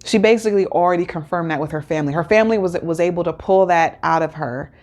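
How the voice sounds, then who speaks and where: A woman's voice: lowish voice, fast, a little mellow. A woman hosting a casual episode recap, rambling and chatty with many fillers and restarts. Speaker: host.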